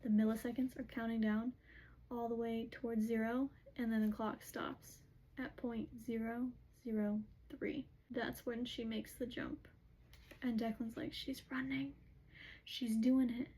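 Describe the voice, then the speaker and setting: A woman's voice: on the high side, flat delivery, a little slow, warm tone, rough recording. A woman casually recapping a book's plot, chatty and filled with "like"s as she retells what the characters say. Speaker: book recap host.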